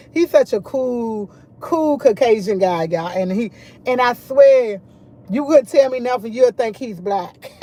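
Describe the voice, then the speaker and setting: A middle-aged woman chatting casually to camera, full of animated retellings of what others said. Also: fairly high pitch. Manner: animated, quotes others a lot. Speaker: vlogger.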